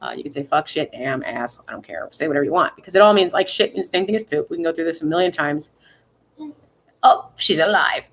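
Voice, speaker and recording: A woman's voice: low voice, lively intonation, very fast, hardly any pauses, slightly rough. Rambling, foul-mouthed young woman vlogger. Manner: rambling and profane, with frequent fillers. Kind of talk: casual chat.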